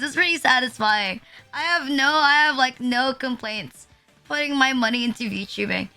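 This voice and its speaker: Young female streamer, high bright voice, blunt rambling chat with light music under it. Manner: rambling, blunt, swears a lot, filler-heavy. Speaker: VTuber streamer. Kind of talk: casual live-stream chat.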